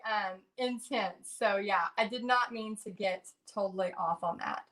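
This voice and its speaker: A middle-aged woman, telling a story in a chatty, animated way during a Facebook Live for her painting class, full of fillers and restarts. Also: mid-range voice, moderate pace, hardly any pauses. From Texas. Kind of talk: casual livestream storytelling.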